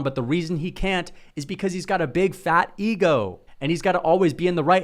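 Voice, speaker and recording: Man, young adult, fired-up solo commentary, slangy and profane, slightly high voice. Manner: heated, slangy, swears, says bro and dude. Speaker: MMA commentary youtuber.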